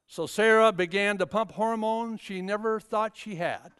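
A man's voice: sits high, a little slow, a bit bright, clear, resonant tone. An older man preaching a sermon, telling a Bible story and rising to fervent emphasis.

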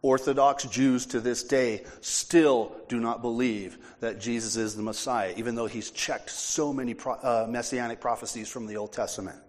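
A man's voice: medium pitch, steady tone, moderate pace, few pauses. Emphatic male preacher in reverberant hall. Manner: emphatic, forceful preaching with casual asides. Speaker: pastor. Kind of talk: sermon.

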